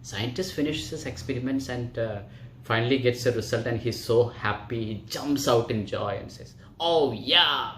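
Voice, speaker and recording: A man's voice: medium pitch, normal speed, slight background noise. A yoga teacher, a man, telling a story to his class in a chatty way, often checking in with them. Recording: roomy echo.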